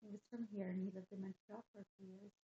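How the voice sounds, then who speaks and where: A woman's voice: mid-range voice, little pitch movement, fast talker, warm tone, echoey room, muffled recording. A woman co-hosting a casual makeup livestream, enthusiastic and repeating herself as she gushes. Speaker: livestream co-host.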